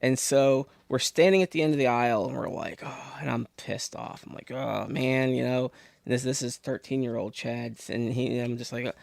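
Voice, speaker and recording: Podcast guest, male, from Pennsylvania, gravelly, chatty storyteller, dry sound. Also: mid-range voice, normal speed, dry recording. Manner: rambling, animated storyteller with many restarts. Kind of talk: casual storytelling.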